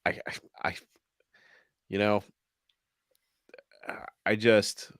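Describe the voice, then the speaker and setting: A man's voice: fairly low pitch, steady tone, drawn-out words, fairly bright tone, smooth, no echo, clean studio sound. A man co-hosting a podcast in loose, profane casual chat, laughing often. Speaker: podcast co-host.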